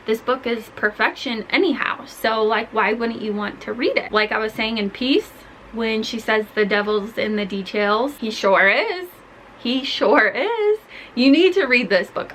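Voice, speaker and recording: A woman's voice: medium pitch, a bit bright, a little hiss or hum, low-quality recording. A young woman chatting casually about book recommendations, gushing and full of "like" fillers. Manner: gushing, chatty, heavy use of "like". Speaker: book vlogger.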